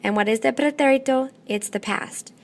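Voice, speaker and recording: A woman teaching a classroom lesson, patient and methodical, often pausing to check in. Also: sits high, slight background noise. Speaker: Spanish teacher.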